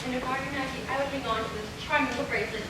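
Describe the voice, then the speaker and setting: A woman's voice: sits high, steady tone, very fast, natural voice. A woman acting in a community stage play, playing a vain, glamorous stage actress who is melodramatic and imperious. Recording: echoey hall from far off, noise.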